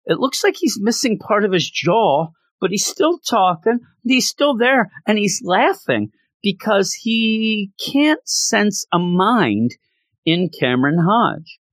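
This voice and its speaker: A man giving a casual recap of a story, animated and often restarting his sentences. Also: high-pitched, slow pace, no room sound. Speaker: comic book commentator.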